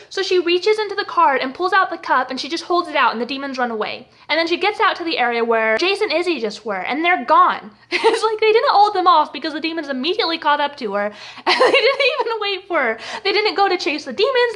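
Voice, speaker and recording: A young woman with a high, bright voice recaps a TV episode. She talks casually and sarcastically. She often breaks into laughter mid-sentence. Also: expressive, fairly quick. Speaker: TV episode reviewer.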